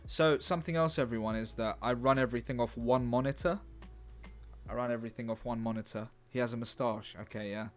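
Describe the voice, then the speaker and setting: A man's voice: medium pitch, fairly even intonation, fairly quick, soft background music. Guy streaming his script writing. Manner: musing aloud, chatty, laughs at his own ideas. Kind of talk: casual live-stream chat while scriptwriting.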